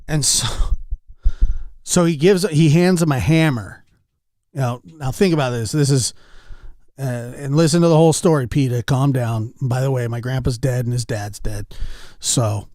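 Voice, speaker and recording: A man's voice: medium pitch, unhurried, long pauses, darkish tone, no echo, studio quality. A man chatting casually with his stream chat, telling rambling anecdotes and calling out viewers by name. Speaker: livestreamer.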